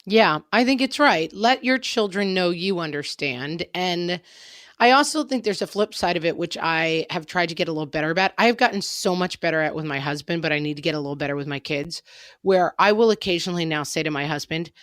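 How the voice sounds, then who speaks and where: A woman's voice: fairly low pitch, brisk, fairly bright tone, no room sound, clean studio sound. A woman co-hosting a parenting podcast, chatting casually with wry, self-deprecating humor. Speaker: podcast co-host.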